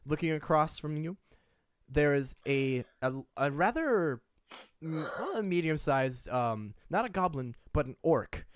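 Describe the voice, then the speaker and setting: A man's voice: on the high side, big pitch swings, a little slow, dry recording, studio quality. A man narrating as game master, casual and laughing as he describes scenes.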